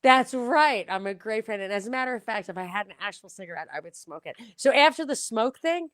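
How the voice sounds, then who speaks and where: A woman's voice: fairly high pitch, expressive, a little fast, fairly bright tone, dry recording, clean studio sound. A chatty woman, talking over others in casual podcast chat. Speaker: podcast guest.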